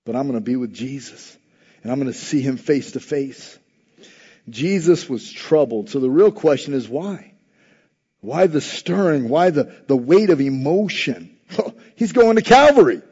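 A man preaching a sermon, swinging between quiet, slow passages and loud, rising exhortation. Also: mid-range voice, breathy edge. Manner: preaching with big swells from soft to loud. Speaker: pastor. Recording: muffled hall recording with long reverb.

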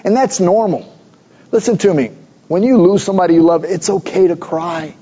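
A man's voice: sits high, normal speed, warm tone, slightly rough, lo-fi sound. A middle-aged man preaching a sermon, mixing conversational storytelling with emphatic exhortations. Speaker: pastor.

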